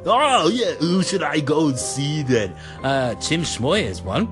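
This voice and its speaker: A man's voice: a little high, lively intonation, measured pace, music in the background. Giggly rambling male podcast host. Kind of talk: comedy podcast monologue.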